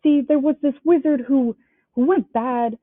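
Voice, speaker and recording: A huge, gruff but kindly male giant blusters along in a rustic dialect, as a woman reading a storybook acts him out. The voice sounds thin and boxy, and the sound is dry and close. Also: high-pitched, a little slow, dry recording, pitched above the performer's own voice. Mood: worried. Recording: dry, tinny phone-like sound.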